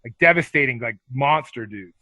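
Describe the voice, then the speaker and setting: A man recounting stories as a guest on a podcast, cursing freely and animated in his telling. His voice has a forceful, bright edge, and the sound is close and dry. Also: mid-range voice, normal speed, no echo. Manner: swears freely, animated storyteller. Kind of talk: casual storytelling interview.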